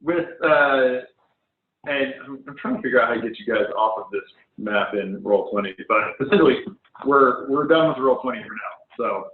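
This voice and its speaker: A man's voice: mid-range voice, lively intonation, normal speed. A man running a tabletop game as game master, describing scenes in a hesitant way full of ums, over an online voice call. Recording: phone-like online call audio, echoey room.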